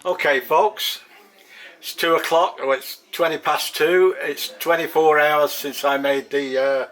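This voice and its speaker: A man's voice: on the high side, fairly even intonation, a little slow, fairly bright tone. A man from England with an English accent, chatting casually to camera in a home kitchen, rambling and repeating himself as he talks. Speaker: home cooking vlogger.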